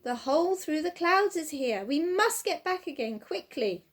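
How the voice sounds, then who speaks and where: A woman's voice: high voice, lively intonation, normal speed, pitched above the performer's own voice. A woman voicing an eager, bold young boy who calls out keenly. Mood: urgent.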